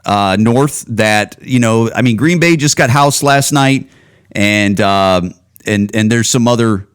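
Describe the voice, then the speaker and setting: A fortysomething podcast host, alone on his show, delivers a heated, profane and rambling football rant. His voice is fairly low and smooth, and he takes it slowly. The audio comes from a home camera setup.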